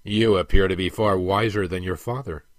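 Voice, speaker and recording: A man voicing a cruel, contemptuous overseer who speaks slowly and menacingly, in a dry recording. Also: deep voice, steady tone, dry recording, lightly acted. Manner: cold and menacing. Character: cruel, contemptuous male slave-master soldier.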